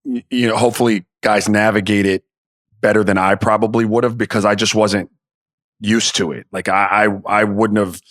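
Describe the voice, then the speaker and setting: A middle-aged man co-hosting a sports podcast, laid-back and blunt, talking in halting bursts. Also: on the low side, flat delivery, fairly bright tone, no echo, clean studio sound. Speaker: podcast co-host. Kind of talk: casual chat.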